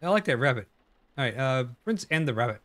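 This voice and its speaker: A man's voice: mid-range voice, very animated, brisk, a bit bright. A young man giving casual let's-play commentary, joking and reacting jumpily to a horror game. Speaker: gaming YouTuber.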